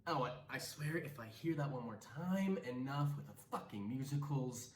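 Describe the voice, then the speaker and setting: A man's voice: medium pitch, expressive, moderate pace, echoey room, slight background noise, natural voice. A man voicing a grumpy cynical young man in a screenplay reading, dry and irritable.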